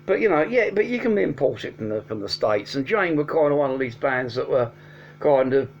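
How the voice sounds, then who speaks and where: A man's voice: medium pitch, lively intonation, fairly quick. A man casually reviewing albums at home, rambling with many ums and restarts but enthusiastic. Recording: dull lo-fi sound with faint hum.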